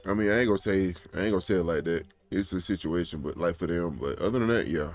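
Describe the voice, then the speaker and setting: A man chatting with friends over voice chat during a game, relaxed and slangy, trailing off with fillers. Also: low-pitched, fast talker. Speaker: co-player in voice chat. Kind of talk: casual gaming chat.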